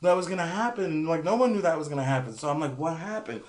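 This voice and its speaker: A man telling a crude, swear-filled story in a casual comedy chat, animated and quick to act things out. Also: on the high side.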